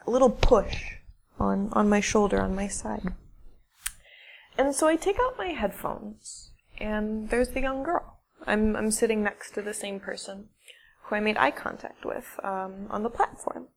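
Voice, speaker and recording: A woman telling a personal story in a shy, halting way, with restarts and dramatic pauses. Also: fairly high pitch, gravelly. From English-speaking foreigner living in Russia. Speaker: English teacher telling a story. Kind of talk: casual spoken storytelling.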